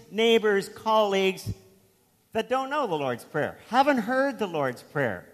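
A man's voice: sits high, in a large hall. A man preaching a sermon as pastor, telling a story in a conversational way with asides.

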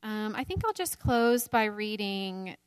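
A woman's voice: mid-range voice, big pitch swings, a little slow, clean tone, dry recording. A woman in her thirties leading a Bible study, talking candidly about faith and motherhood and laughing often at herself. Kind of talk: teaching a women's Bible study.

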